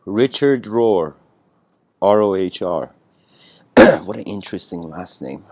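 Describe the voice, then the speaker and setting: A man giving a casual, rambling spiritual lecture, clearing his throat often and laughing between thoughts. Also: sits low, lively intonation, slow, darkish tone, dry recording.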